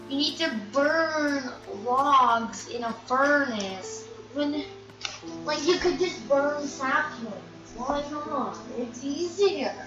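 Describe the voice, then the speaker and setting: With a high, pushed, bright voice, a woman chats her way through a let's-play, complaining about the game and telling off the animals on screen. Game music plays behind her, and the distant mic gives a dull, echoey sound.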